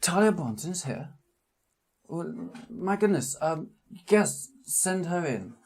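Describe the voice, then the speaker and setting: A man's voice: on the high side, lively intonation, takes it slowly, vocal fry, husky, voice pushed up, exaggerated voice. A man voicing a small, fussy older male publisher, polite and easily flustered. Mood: surprised. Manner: fluttery, surprised and courteous.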